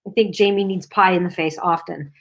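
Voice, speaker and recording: A woman's voice: on the low side, steady tone, fairly quick. A middle-aged woman co-hosting a casual livestream, reading viewer comments aloud and chatting with lots of fillers. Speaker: livestream co-host.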